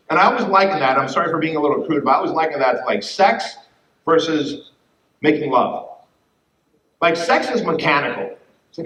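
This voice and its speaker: A man giving an energetic, profane business talk to a conference audience, acting out quoted voices. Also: a little high. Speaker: fitness business speaker. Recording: distant, roomy, dull room mic.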